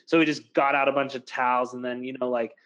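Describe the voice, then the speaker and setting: A man's voice: mid-range voice, little pitch movement, fast, a bit bright, lo-fi sound. A young man co-hosting a podcast, chatting casually and telling stories, with lots of filler "like". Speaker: podcast co-host. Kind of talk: casual chat.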